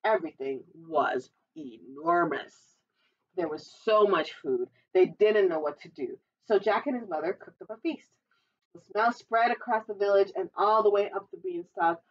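A woman's voice: mid-range voice, moderate pace, recorded from a distance, dull audio. A woman librarian reading a picture book aloud at storytime, adding chatty asides to the children.

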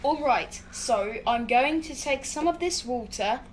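A woman's voice: high-pitched, animated, a little slow, a little hiss or hum. A woman explaining a silly trick step by step in a casual home video.

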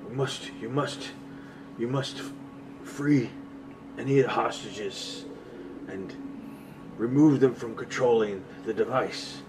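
A game master voicing a wild-haired old male lighthouse keeper who rambles with halting restarts. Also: medium pitch, far from the mic, music in the background, lightly acted, poor audio. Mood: frantic.

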